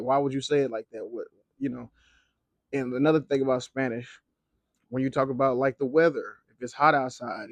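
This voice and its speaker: A young man who teaches Spanish and vlogs from Mexico offers casual talking-to-camera advice, loose and slangy with many fillers and some swearing. He speaks at medium pitch, and there's no room sound.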